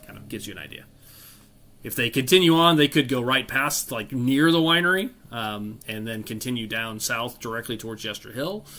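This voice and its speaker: A man runs a tabletop game, describing the scene in a loose, hedging way and leaning on "kind of" and "like." His voice is bright and forward, with mid-range pitch. A faint instrumental track sits in the background. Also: lively intonation, normal speed, soft background music. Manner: loose, hedging narration with fillers. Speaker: game master.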